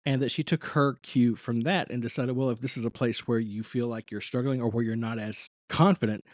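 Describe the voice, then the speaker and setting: A man hosting a reaction channel talks over a singing lesson clip in an easy, thinking-aloud manner. His voice sits at an ordinary middle pitch and is recorded close and dry, with no room around it. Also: steady tone, brisk, dry recording. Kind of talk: commentary on a vocal lesson video.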